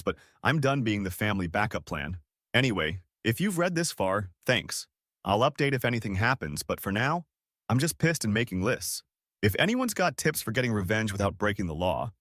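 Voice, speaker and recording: A man's voice: medium pitch, a bit bright, no echo, studio quality. A man reading a first-person online story aloud in a casual, conversational way.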